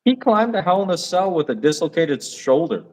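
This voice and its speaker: A man's voice: on the high side, sing-song, normal speed, a little mellow. A young man co-hosting a podcast in casual chat, talking eagerly with lots of fillers. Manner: enthusiastic, rambling with fillers. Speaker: podcast co-host.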